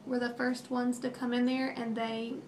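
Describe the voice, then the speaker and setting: A woman in her thirties tells a family story in a rambling, emotional way, full of fillers and restarts. Her voice sits a little high. Faint background hiss runs under the recording. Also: flat delivery, normal speed, darkish tone. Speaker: mother telling a family story. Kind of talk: casual storytelling.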